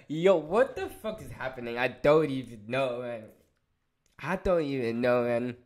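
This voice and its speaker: A man recapping a show episode in a casual review, excitable and swearing, with many restarts and fillers. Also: mid-range voice, a little slow. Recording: roomy echo.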